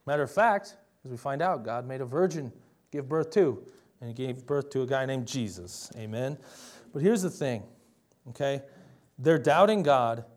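A man's voice: medium pitch, expressive, moderate pace, darkish tone. A young adult man preaching a sermon in a conversational, emphatic way, often asking the listeners rhetorical questions.

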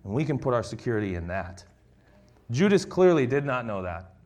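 A man's voice: medium pitch, very animated, fairly quick, darkish tone. A man preaching a conversational sermon, reading scripture and acting out the quoted lines.

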